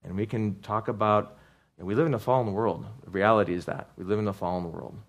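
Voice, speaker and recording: A man's voice: lowish voice, steady tone, brisk. Male pastor, sermon delivery, conversational with restarts, rising to fervent peaks. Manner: earnest, rising to fervent outbursts; conversational, with restarts and asides to the congregation.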